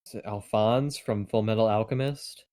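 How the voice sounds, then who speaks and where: A man's voice: fairly low pitch, steady tone, moderate pace, dark tone. A man in casual chat, reacting briefly and asking curious questions. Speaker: co-host learning the lore.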